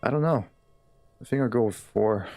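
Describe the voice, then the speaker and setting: A man's voice: medium pitch, moderate pace, darkish tone, dry recording, soft background music. A man live-streaming a game, chatting in a laid-back, easygoing way with his viewers. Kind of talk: casual live-stream chat.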